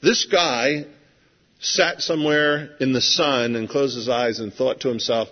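A man's voice: mid-range voice, steady tone, measured pace. A man preaching a sermon in a conversational storytelling manner, acting out scenes as he goes. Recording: dull lo-fi sound with long hall reverb.

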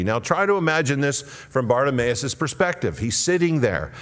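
A man preaching a sermon and telling the story dramatically, moving between loud cries and hushed tones. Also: on the high side, very animated, a little fast. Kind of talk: expository sermon. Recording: long reverb of a large hall.

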